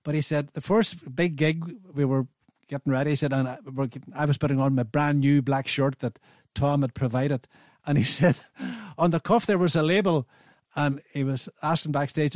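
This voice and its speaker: A man's voice: fairly high pitch, fairly even intonation, moderate pace, a little mellow, dry recording, clean studio sound. A man in his seventies with an Irish accent, hosting a radio show and telling a rambling, anecdotal story with frequent restarts. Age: 70s. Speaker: radio host.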